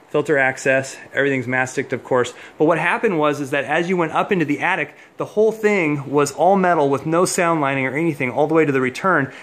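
A man giving a casual walkthrough of a home install, chatty and a little out of breath, explaining as he walks. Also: a little high. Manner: chatty, explains on the move with many fillers. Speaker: heating contractor giving a walkthrough. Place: house, indoors and outdoors.

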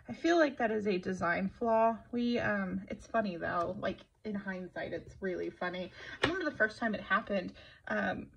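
A woman's voice: mid-range voice, a little slow, vocal fry, a bit bright, slight background noise. A tired middle-aged woman, chatting casually while planning, rambling and poking fun at herself. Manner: rambling, self-deprecating storyteller. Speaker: planner vlogger. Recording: slightly dull lo-fi audio.

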